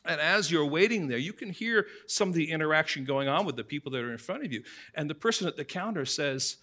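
A man delivers a sermon in a crisp, bright voice of middling pitch. He speaks straight to his listeners and builds everyday stories to make his point. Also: lively intonation, fairly quick. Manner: tells everyday stories to illustrate scripture; addresses the congregation directly. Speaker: pastor.

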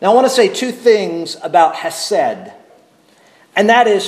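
A man preaching an expository sermon, with a measured, emphatic delivery and deliberate pauses. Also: high-pitched, very animated, reverberant.

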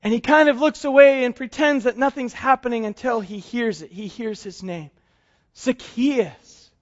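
A male pastor preaching a sermon, telling a story and acting out its quotes in soft, hushed tones. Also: very high-pitched, normal speed, lo-fi sound.

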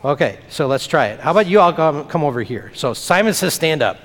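A man's voice: on the high side, very animated, a little fast, fairly bright tone. A man leading a children's message in church, talking simply and playfully with the kids. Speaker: pastor. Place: church sanctuary. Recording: long reverb of a church hall.

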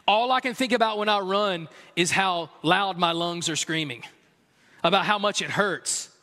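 A man with a high, bright voice preaches a sermon, talking to the congregation like he would to friends and getting animated as he tells stories. His voice rings out with a long hall reverb, and soft music sits underneath. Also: moderate pace. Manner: conversational, builds to animated storytelling with a raised, excited voice. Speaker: pastor.

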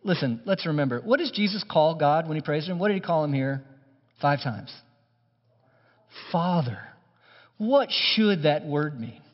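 A man preaching a sermon in an animated, conversational way, with touches of humor. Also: on the high side, normal speed, pauses often. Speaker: pastor. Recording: muffled hall recording with long reverb.

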